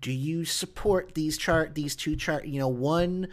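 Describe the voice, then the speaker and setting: A man's voice: a little high, unhurried. A man hosting a podcast, arguing earnestly in casual political chat, often restarting his sentences. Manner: earnest, argumentative, many restarts. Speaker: podcast host.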